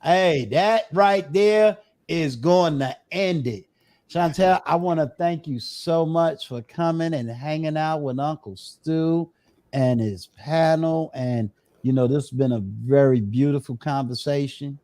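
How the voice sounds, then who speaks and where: Brief: middle-aged male host, slightly high voice, relaxed and filler-heavy. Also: dry recording, clean studio sound. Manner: relaxed, drawn-out phrasing with many fillers. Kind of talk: casual live-stream chat.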